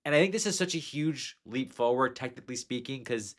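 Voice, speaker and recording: A man of ordinary pitch chats about movies as a podcast host. He talks with eager enthusiasm, circling back on himself with fillers and restarts, and sounds relaxed. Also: a little fast. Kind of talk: casual film discussion.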